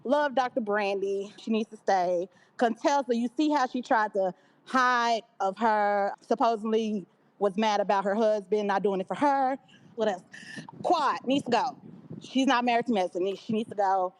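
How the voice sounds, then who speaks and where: A woman's voice: medium pitch, moderate pace. A woman calling in to a live show, giving blunt, rambling opinions and often saying "anywho.". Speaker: caller. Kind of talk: call-in opinions on a reality show.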